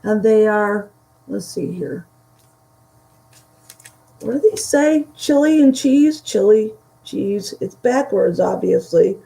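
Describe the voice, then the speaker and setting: A woman chatting casually through a vintage haul, halting and giggly, her voice starting to go from a dry throat. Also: medium pitch, animated, warm tone, low-quality recording. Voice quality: gravelly, slow and halting. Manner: chatty, giggly, trails off mid-sentence. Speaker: vintage reseller showing a haul. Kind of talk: casual chat to a live audience.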